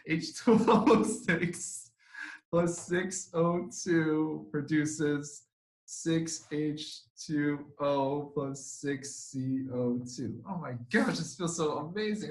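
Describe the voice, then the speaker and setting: A man's voice: a little high, takes it slowly, rough recording. Young man, student tutor on a computer mic, casual and flustered, swears freely. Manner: casual and easily flustered, swearing and laughing at himself. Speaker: supplemental instruction leader.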